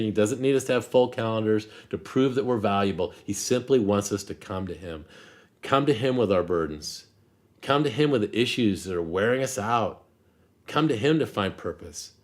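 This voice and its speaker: Man, pastor, very low voice, calm measured delivery, devotional message. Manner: calm, measured, softening on scripture.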